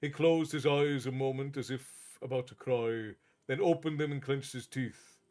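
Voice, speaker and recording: A man's voice: medium pitch, fairly even intonation, moderate pace, darkish tone. Man reading a fantasy story aloud. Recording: faint background music.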